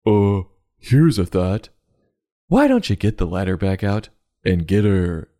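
A man's voice: fairly low pitch, very animated, a little slow, warm tone. A man voicing a sarcastic, grumpy female house cat who makes snide remarks about her family. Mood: snarky. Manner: snarky, sarcastic.

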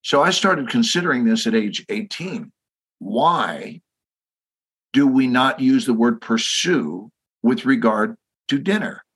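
A man's voice: medium pitch, animated, slow pace, fairly bright tone, breathy edge. A man in his sixties with a Texan accent, a podcast guest telling stories emphatically and asking listeners rhetorical questions. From Texas. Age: 60s. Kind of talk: podcast conversation.

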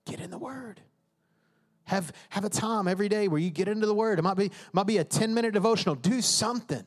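A man with a high, bright voice preaches from the stage, his words ringing through a reverberant sanctuary. He talks emphatically and conversationally, slipping into the voices and prayers of his congregation. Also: fast talker. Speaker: pastor. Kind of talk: sermon. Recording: reverberant hall.

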